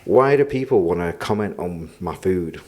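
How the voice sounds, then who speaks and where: A man co-hosting a podcast, telling stories in an expressive way and quick to laugh. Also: low-pitched. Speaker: podcast co-host. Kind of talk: casual podcast chat.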